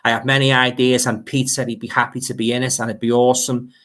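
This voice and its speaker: A bright, forward-sounding man with a Liverpool accent, chatting loosely on a livestream. He rambles and repeats words as he replies to viewer comments, keeping an easygoing, conversational flow. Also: mid-range voice, little pitch movement, fast talker. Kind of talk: casual livestream chat.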